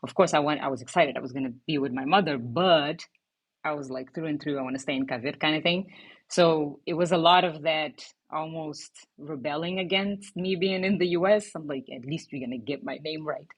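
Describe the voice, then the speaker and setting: A woman from Cape Verde, whose first language is Cape Verdean Creole, talks in a low, husky voice. She hosts a casual podcast and tells her stories with animated, acted-out dialogue. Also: fairly quick. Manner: animated storyteller acting out quoted voices. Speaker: podcast co-founder and host.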